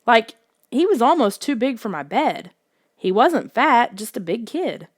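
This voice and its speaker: A woman narrating a children's story in the first person with expressive storytelling. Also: a little high, a little slow, no echo, clean studio sound. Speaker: audiobook narrator.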